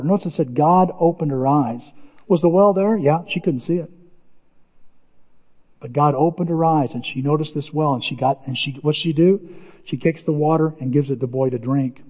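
A middle-aged male pastor with a high voice preaches a relaxed, conversational sermon. He tells stories in a folksy way and jumps into animated voices for the quotes. The sound is dull and lo-fi, with the long echo of a big hall.

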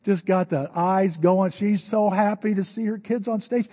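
Older male pastor, dark warm tone. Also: high voice, steady tone, normal speed. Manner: conversational storytelling preaching. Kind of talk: sermon. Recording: dull lo-fi recording with long hall reverb.

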